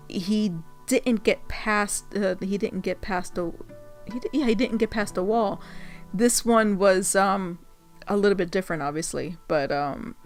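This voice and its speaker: A woman vlogger telling a story in a casual way, laughing often and acting out the quotes. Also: medium pitch.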